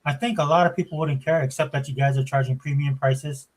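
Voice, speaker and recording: A man's voice: on the high side, steady tone, fast, rough recording. A middle-aged man co-hosting a podcast, talking casually and animatedly, rambling through stories with lots of fillers. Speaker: podcast co-host. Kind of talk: casual chat.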